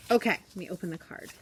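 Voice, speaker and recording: A woman's voice: medium pitch, very noisy. A woman who teaches elementary school, chatting casually in a vlog from her classroom desk. She talks in a bubbly, chatty way and giggles often.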